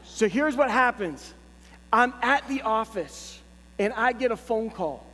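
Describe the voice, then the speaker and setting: High-voiced male pastor telling a funny story. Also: a little slow. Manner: storytelling, lively and humorous. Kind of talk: sermon with a personal story. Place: church sanctuary. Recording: long church reverb, faint hum.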